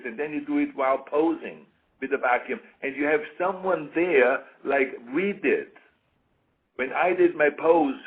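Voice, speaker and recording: A man giving an interview in a casual, emphatic way, repeating his points over and over. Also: mid-range voice. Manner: emphatic, repeats points, acts out quoted voices. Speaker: interview guest. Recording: tinny phone-like radio sound.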